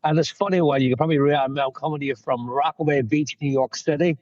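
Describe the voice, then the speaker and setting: A man's voice: fairly high pitch, steady tone, fast talker, a little mellow, dry recording, lo-fi sound. A man from Northern Ireland with a Northern Irish accent, a guest speaker telling his recovery story frankly, sitting in his parked car. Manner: candid, storytelling, self-mocking. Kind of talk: personal recovery talk.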